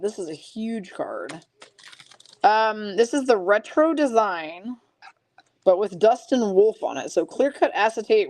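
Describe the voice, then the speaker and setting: A woman's voice: mid-range voice, darkish tone. A woman hosting a live card-opening stream, chatting casually, reading viewer comments aloud and laughing often.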